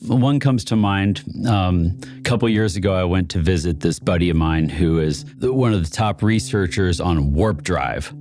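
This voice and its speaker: A man's voice: low-pitched, moderate pace, few pauses, a little mellow. A man being interviewed about inventors, telling stories in a loose, chatty way with frequent laughs and restarts. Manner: chatty, laughs often, many fillers and restarts. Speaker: guest who supports inventors. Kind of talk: casual storytelling chat.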